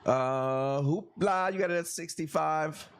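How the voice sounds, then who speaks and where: A man's voice: fairly high pitch, measured pace, a little hiss or hum. A man hosting a live coral auction stream, bantering loosely and profanely with viewers and calling out bids.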